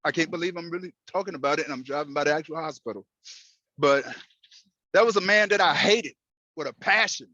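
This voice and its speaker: A man telling a personal story while driving, in an earnest, halting way with many restarts. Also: fairly high pitch, sharp tone, no echo, dull audio. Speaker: host. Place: in a moving car.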